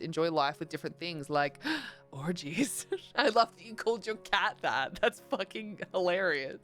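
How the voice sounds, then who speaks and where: A young woman chatting loosely on a livestream, her voice sitting a bit low for a woman. She rambles through filler words and sounds sleepy. Soft game music hums faintly underneath. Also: clean tone. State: sleepy, yawning. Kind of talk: casual chat while gaming.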